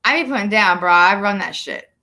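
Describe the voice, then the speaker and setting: A young woman co-hosting a couple's livestream, telling stories in a blunt, profane, animated way. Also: mid-range voice, brisk. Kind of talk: casual chat.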